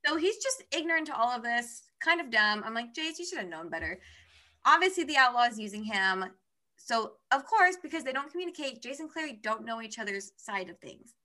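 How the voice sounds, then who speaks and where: A woman's voice: fairly high pitch, animated, a little fast, bright, forceful tone. A young woman in casual chat, animatedly retelling a book's plot and acting out the characters' lines. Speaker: book podcast co-host.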